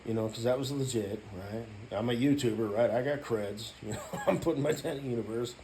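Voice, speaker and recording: A man ranting in a casual vlog, rambling and profane, filling every gap with "you know" and now and then breaking into loud shouting. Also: mid-range voice, brisk, a little hiss or hum. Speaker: YouTuber.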